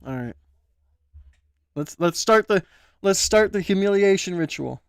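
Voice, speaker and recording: Young man, streamer, excitable, slangy chatter, lively pitch, dry sound. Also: unhurried, creaky, smooth, no room sound. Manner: excitable, slangy, keeps saying bro. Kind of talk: casual reaction stream.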